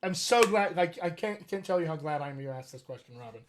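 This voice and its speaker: A man's voice: fairly high pitch, animated, quick pace. A man hosting a live accent Q&A as a dialect coach, teaching with emphatic enthusiasm. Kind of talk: live Q&A session.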